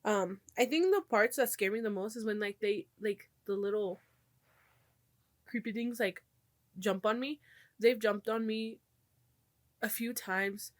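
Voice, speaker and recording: A young woman talks loosely into the mic as a podcast host, swearing freely and dropping in Spanish phrases. Her voice sits at an ordinary middle pitch. The sound is close and completely dry, with no room around it. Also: a little slow, pauses often, dry recording. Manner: casual, swears often, mixes in Spanish. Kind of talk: casual chat.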